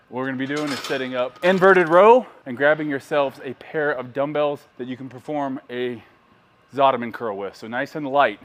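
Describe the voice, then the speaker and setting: A man's voice: medium pitch, a little fast. A man filming a casual workout vlog in a gym, joking around and pushing the viewer between sets, sometimes out of breath. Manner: joking, hypes the viewer while training. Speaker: fitness vlogger.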